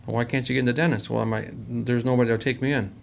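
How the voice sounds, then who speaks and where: A man runs a company and talks about it in a loose, rambling way. He acts out both sides of every conversation he retells. His voice has a gravelly, fry-edged texture, with faint noise in the recording. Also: mid-range voice, fairly even intonation, very fast. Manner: rambling, acts out quoted dialogue. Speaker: company president, podcast guest. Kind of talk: casual storytelling interview.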